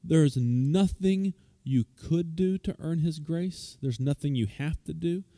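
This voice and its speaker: A male pastor gives a casual, conversational sermon in a warm, mellow voice at a middle pitch. He talks informally, stumbling over restarts and fillers, and turns lively when retelling a story. The sound is close and dry. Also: measured pace, no echo. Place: church service.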